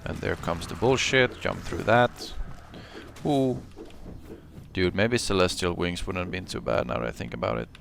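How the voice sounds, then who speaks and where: A man giving live commentary on his own gameplay, excitable, swinging between muttering and yelling, and cursing often. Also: low-pitched, moderate pace, vocal fry, a little hiss or hum. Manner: curses often. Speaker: gameplay streamer.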